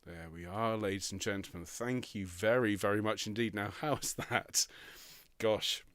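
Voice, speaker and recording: A man's voice: on the low side, fairly even intonation, a little slow, fairly bright tone, soft background music. A middle-aged man leading an online choir rehearsal, chatty and enthusiastic, often repeating his words as he coaches the singers. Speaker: choir conductor.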